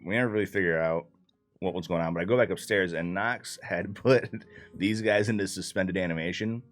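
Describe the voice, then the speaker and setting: Faint music plays behind a low-pitched man talking a little fast. He casually recaps a tabletop campaign session he played, cursing and leaning on fillers.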